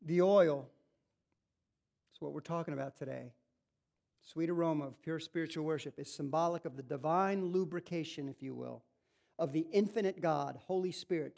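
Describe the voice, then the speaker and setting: A male pastor preaching a sermon in an animated, emphatic way, repeating phrases and asking rhetorical questions. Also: a little high, creaky.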